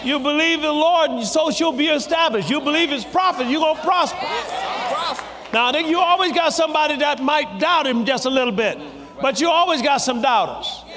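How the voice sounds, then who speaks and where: A man preaching a sermon, shouting and drawing out his emphatic phrases. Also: very high-pitched, normal speed, crowd noise. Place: large church hall. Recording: long reverb from a live congregation.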